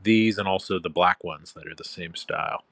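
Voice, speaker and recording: A man's voice: low-pitched, moderate pace, gravelly, fairly bright tone, dry recording. A man talking casually outdoors in a park, laid-back and drawling with fillers, then turning commanding and domineering toward his listeners. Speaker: online dominant addressing followers. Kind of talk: casual spoken monologue.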